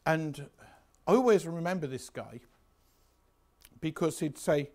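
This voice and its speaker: A man's voice: on the high side, expressive, unhurried, pauses often, dark tone. Chatty anecdotal lecturer in his sixties. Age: 60s. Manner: chatty, anecdotal and self-mocking. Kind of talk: revision lecture.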